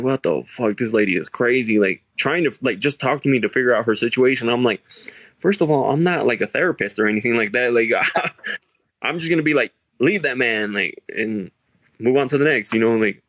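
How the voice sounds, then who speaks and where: A man's voice: mid-range voice, fairly bright tone, no echo. A young man hosting a casual chat, telling stories loosely with lots of filler words and laughter. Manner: laid-back storytelling, heavy filler words, frequent laughs. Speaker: podcast host.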